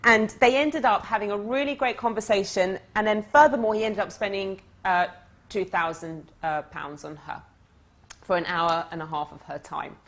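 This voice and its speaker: Animated woman telling a coaching story. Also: mid-range voice, moderate pace, slight background noise. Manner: animated anecdotal storyteller, conversational. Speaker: dating coach. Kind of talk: storytelling lesson.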